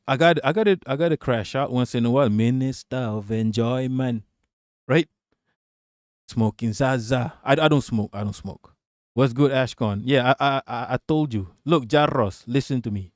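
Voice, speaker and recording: A man's voice: mid-range voice, no echo, studio quality. A man hosting a live political stream, reading chat and ranting with a lot of swearing. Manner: profane, ranting, talks back to chat.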